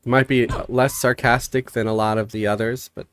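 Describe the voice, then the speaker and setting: A man's voice: medium pitch, normal speed, no echo. A man streaming a game live, chatting casually and reading viewer messages aloud, a bit stuffy from a cold. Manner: relaxed, rambling, reads chat aloud.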